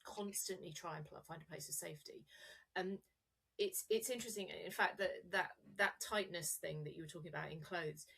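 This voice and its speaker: A woman's voice: lowish voice, a little fast, gravelly, a bit bright, husky. A woman coach talking freely in a podcast interview, rambling and correcting herself as she explains ideas. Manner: rambling, self-correcting, demonstrative. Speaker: coach and guest.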